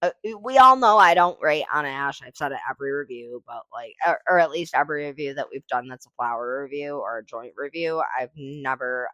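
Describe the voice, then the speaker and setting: A woman's voice: low-pitched, pushed and bright, no room sound, muffled recording. A woman hosting a casual solo podcast, rambling and thinking aloud with lots of fillers, swearing and sing-song noises as she reviews a product. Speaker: podcast host reviewing cannabis.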